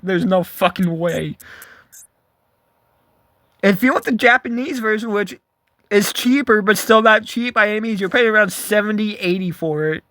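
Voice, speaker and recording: A gaming video creator offers casual, rambling commentary over his own gameplay, cursing freely and often breaking off to start sentences over. His high voice is bright and forceful, with no room sound.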